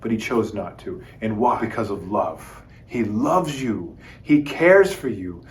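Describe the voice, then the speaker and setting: A man teaching a children's Bible lesson as a lively story, talking straight to the kids and acting out the quotes. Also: fairly low pitch, measured pace. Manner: lively, addresses kids as "guys", acts out quotes.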